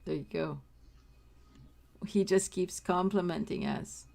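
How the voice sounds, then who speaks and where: A woman's voice: on the low side, steady tone, slow pace, vocal fry, darkish tone. A woman with a Polish accent, chatting casually as co-host of a panel show and laughing often.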